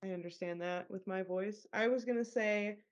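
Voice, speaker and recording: A young woman co-hosting a podcast, bubbly and quick to react with enthusiasm. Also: mid-range voice. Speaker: podcast co-host. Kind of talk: casual chat.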